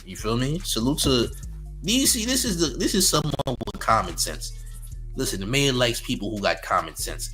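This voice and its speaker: A man with a low, bright and forceful voice hosts a casual live stream. He talks in a taunting, mocking way and laughs often. Faint music plays behind him.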